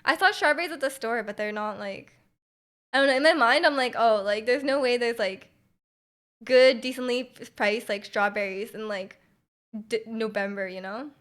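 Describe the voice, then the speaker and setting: A woman with a Canadian accent streams from a room at home and chats casually with her viewers. Her voice sits a little high. She strings her thoughts together with plenty of fillers and restarts and laughs often. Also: normal speed, fairly bright tone.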